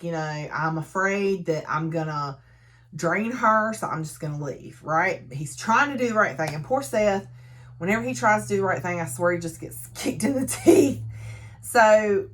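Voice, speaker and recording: A woman recapping and reviewing a novel in a chatty, animated way, laughing often and using lots of fillers. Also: medium pitch. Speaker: book reviewer. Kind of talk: casual book recap.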